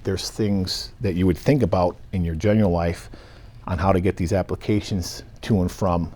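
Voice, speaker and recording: A man's voice: sits low, steady tone, normal speed, dark tone. A man working as an evidence technician, explaining step by step in short listed phrases during an interview. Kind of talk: interview answers.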